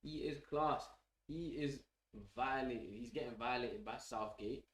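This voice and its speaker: A man hosting a fan channel, giving live match reaction commentary in an excitable, opinionated way and swearing casually. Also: mid-range voice, a little slow. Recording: roomy echo.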